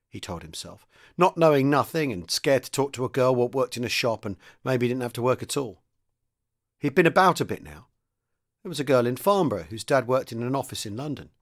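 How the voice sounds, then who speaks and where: A man, a podcast host, reading a chapter of a wartime novel aloud, with light voices for the characters. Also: medium pitch. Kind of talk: audiobook-style reading.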